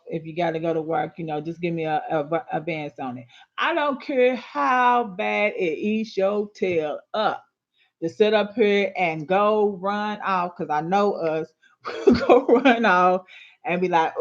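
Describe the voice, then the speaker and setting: Sassy woman preaching relationship advice, gravelly voice, kinda muffled lo-fi audio. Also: mid-range voice. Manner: sassy, emphatic, colloquial, scolding "don't you dare". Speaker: relationship and astrology advice host. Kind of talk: casual advice talk to women. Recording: dull lo-fi recording.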